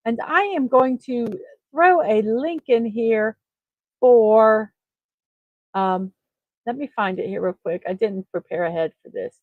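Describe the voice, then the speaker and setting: A woman's voice: on the high side, takes it slowly, long pauses, no echo, narrow, tinny audio. A woman hosting her own morning livestream, chatting in a friendly way with many ums and uhs. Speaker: livestream host. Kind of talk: casual livestream chat.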